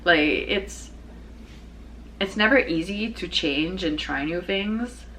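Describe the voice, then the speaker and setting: A young woman hosting her own show, chatting casually in a rambling way, full of fillers and restarts and quick to laugh. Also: fairly low pitch, sharp tone, slight background noise, rough recording. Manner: laughs easily. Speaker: podcast host. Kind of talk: casual personal chat.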